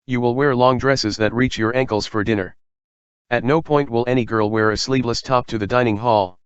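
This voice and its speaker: A man's voice: mid-range voice, fairly even intonation, brisk, smooth, dry recording, lo-fi sound, lightly acted. Man reading strict bossy prefect girl; stern, commanding, dry close sound.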